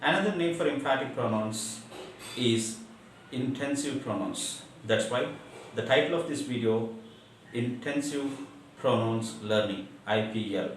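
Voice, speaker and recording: A man giving a grammar lesson, explaining slowly and deliberately and stressing key words. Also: medium pitch. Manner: slow, deliberate explaining with repeated emphasis. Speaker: teacher. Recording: very echoey room, mic far off, faint hiss.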